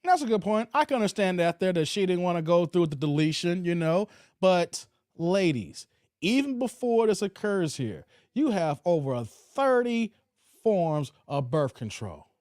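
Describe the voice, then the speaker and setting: A man's voice: high voice, moderate pace, no room sound, clean studio sound. A man hosting a live reaction stream, giving his take on clips, laughing and reading out comments from chat. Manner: animated, laughing, talks to chat and reads out comments.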